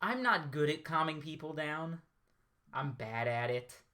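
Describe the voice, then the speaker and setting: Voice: medium pitch, animated, unhurried, pushed and bright. Chatty, self-deprecating game player. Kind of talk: casual tabletop play.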